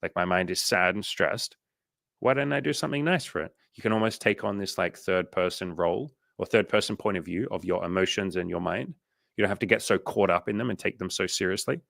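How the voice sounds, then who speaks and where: Aussie guy on a livestream, deep and gravelly, swears a lot, chatty coaching vibe. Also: brisk, a bit bright, no echo, clean studio sound. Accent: Australian. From Australia. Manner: swears freely, acts out inner voices.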